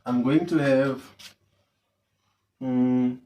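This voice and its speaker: Slow, patient maths tutor. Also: mid-range voice, steady tone, mellow. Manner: repeats questions to draw answers from students. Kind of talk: online maths lesson.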